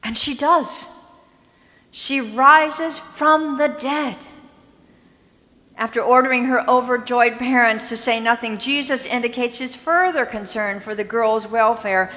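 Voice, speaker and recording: A woman pastor preaches at a slow, deliberate pace, her fairly high voice bright and clear. Her words ring out with a long reverb in a church sanctuary. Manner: slow, deliberate storytelling delivery. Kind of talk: sermon.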